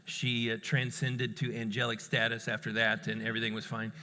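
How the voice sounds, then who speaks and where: A man's voice: medium pitch, little pitch movement, brisk, bright, forceful tone. Joking man preaching in a reverberant hall. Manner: casual, joking, self-correcting storyteller. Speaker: conference speaker. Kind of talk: conversational sermon with personal stories. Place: church conference hall.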